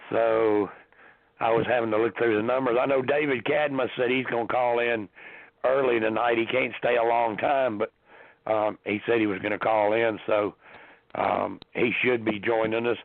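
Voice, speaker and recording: A hoarse man with a sinus infection, hosting a casual call-in podcast and rambling with many ums and restarts. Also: mid-range voice, fairly even intonation, moderate pace, dry recording. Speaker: podcast host. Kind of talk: casual call-in show chat. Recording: tinny phone-line audio.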